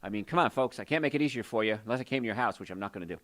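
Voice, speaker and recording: A man hosting a call-in health show as a doctor, talking in an energetic, folksy, salesy way. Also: lowish voice, very fast. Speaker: radio show host and doctor. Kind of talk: call-in health radio talk.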